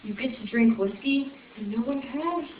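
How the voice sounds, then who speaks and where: A woman's voice: fairly high pitch, moderate pace, a little hiss or hum, natural voice. A young woman putting on an Irish accent, teasing the crowd as a joking Irish woman who calls people sweetheart. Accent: put-on Irish. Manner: teasing crowd work, pet names. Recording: echoey room, far off, dull lo-fi.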